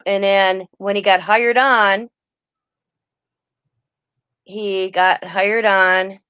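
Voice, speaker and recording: A woman's voice: mid-range voice, a bit bright, clean tone, no room sound. Rambling middle-aged woman, muffled dry sound. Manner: rambling, self-correcting storyteller. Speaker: host of a crafting chat. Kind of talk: casual chat.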